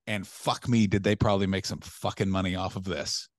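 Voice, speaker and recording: A young adult man co-hosting a podcast, riffing in animated, profane rants during casual comedic chat. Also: low voice, no room sound, studio quality. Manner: animated, profane ranting with rapid riffs. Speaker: podcast co-host.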